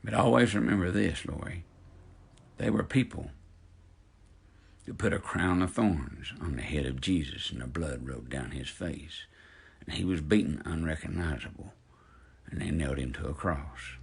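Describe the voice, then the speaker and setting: This is an angry direct-to-camera rant from a social media personality in his fifties who preaches at his followers and calls people out. He speaks at normal speed in an extremely low, gravelly, slightly rough voice.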